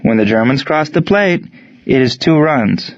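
A man voicing a proud German prisoner of war who speaks in stiff, formal, measured phrases. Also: medium pitch, animated, dry recording, voice pushed up. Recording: dry, dull lo-fi sound.

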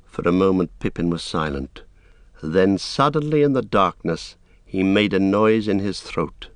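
A man narrating an audiobook in a measured, steady storytelling manner. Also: low voice, dry recording. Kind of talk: scripted narration.

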